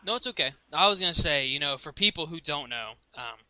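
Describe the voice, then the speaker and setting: A man's voice: fairly high pitch, expressive, fast talker, crowd noise. A man interviewing a guest in a casual conversation, giving short acknowledgements and filling in background for listeners. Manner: brief attentive acknowledgements, explains for listeners. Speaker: interviewer, show producer.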